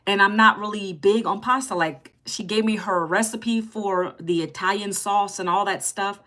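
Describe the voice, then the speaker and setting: A woman's voice: medium pitch, steady tone, normal speed, fairly bright tone. A woman in her fifties hosting a live stream, chatting casually with her viewers and reading out their comments. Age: 50s.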